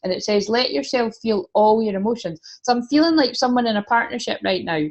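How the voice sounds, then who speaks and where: A woman's voice: fairly high pitch, fairly quick, dull audio. A woman giving a casual tarot reading, chatty, swearing freely and laughing often. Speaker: tarot reader.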